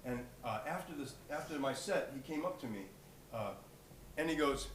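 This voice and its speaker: A singer-songwriter telling a rambling story between songs at a live gig, relaxed with plenty of ums and uhs. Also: male voice, a little high, brisk, slight background noise. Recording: echoey live room, mic from a distance. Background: guitar playing.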